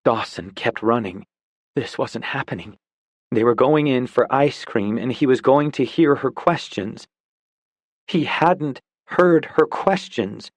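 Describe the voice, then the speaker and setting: A male audiobook narrator reading a dramatic story with intensity, his voice dropping to a hush in the tense moments. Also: mid-range voice, no echo.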